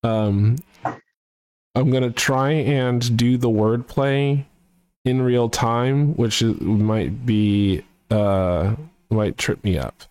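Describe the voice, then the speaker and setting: A man's voice: mid-range voice, very slow, darkish tone, smooth, no echo. A man hosting a casual chat, thinking aloud and correcting himself as he goes.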